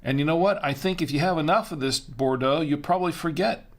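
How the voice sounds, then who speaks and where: A man with a gravelly, creaky voice hosts a casual wine-tasting livestream. He rambles loosely, with plenty of fillers and restarts, while reading out viewer chat. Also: a little high, brisk.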